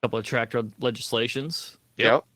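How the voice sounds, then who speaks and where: A man's voice: medium pitch, fairly even intonation, normal speed, fairly bright tone, dry recording. A man co-hosting a veteran livestream, talking casually with restarts and wry asides. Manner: conversational, repeats words while thinking, wry asides. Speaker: co-host of a veteran livestream show.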